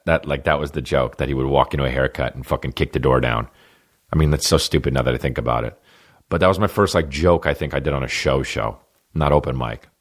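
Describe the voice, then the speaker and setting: A man's voice: very deep voice, fast talker. A man in his thirties from New Jersey, hosting a comedy podcast with a rambling, profane, laid-back monologue. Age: 30s.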